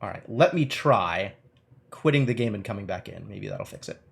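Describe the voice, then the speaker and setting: A man's voice: lowish voice, normal speed, creaky. A man streaming a game live, chatting to viewers, scolding the game and reading its story text aloud. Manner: chatty, talks back to the game and chat, animated.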